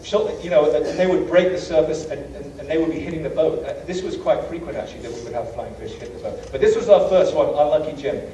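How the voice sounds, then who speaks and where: A British guest lecturer gives a humorous travel lecture to a college audience, telling self-deprecating stories full of ums and uhs. His warm, higher-pitched voice races along with barely any pauses. He's recorded from far away in an echoey hall with faint hiss.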